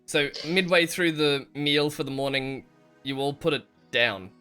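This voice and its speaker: A man guides his players through a tabletop adventure as game master, his narration slow and calm. His voice is bright and clear, with soft music playing behind him. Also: fairly high pitch. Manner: calm descriptive narration, chuckles often.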